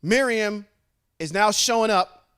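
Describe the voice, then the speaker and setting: This scripture teacher has a high-pitched male voice that is clear, resonant and fairly bright, delivered a little slowly. Leading a bible study, he reads passages aloud, frequently stopping to explain and ask his listeners questions.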